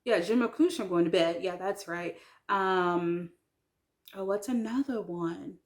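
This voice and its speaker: Her voice is fairly low in pitch: a talkative woman learning French, originally an English speaker, chatting casually to camera. She's self-deprecating, leans on ums and likes, and handles French words slowly and carefully.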